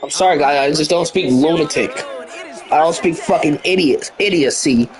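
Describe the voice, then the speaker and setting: A young man playing a football video game, yelling profane, hot-tempered trash talk at his opponent. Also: fairly high pitch, normal speed, slight background noise. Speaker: gamer streamer. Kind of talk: casual gaming chat.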